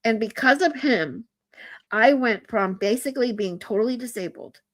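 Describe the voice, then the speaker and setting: A woman streamer talking to her chat in a casual live stream, earnest and heartfelt, often halting and restarting her sentences. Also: on the high side, lively intonation, a bit bright.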